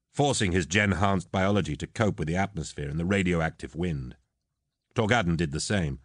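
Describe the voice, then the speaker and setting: A man narrating a novel excerpt in a steady reading. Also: low-pitched, no echo, studio quality. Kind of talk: audiobook-style reading.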